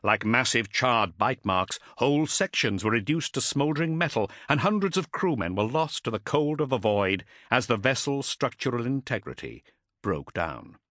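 A man's voice: medium pitch, sing-song, moderate pace, a bit bright, no room sound. Brief: male audiobook narrator, dramatic, wide-ranging intonation, dry close sound. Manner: dramatic, vivid reading. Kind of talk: scripted narration.

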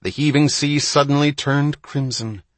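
A man reading an audiobook in a measured, unhurried storytelling manner. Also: fairly high pitch, steady tone, dry recording. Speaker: audiobook narrator. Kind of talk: scripted narration.

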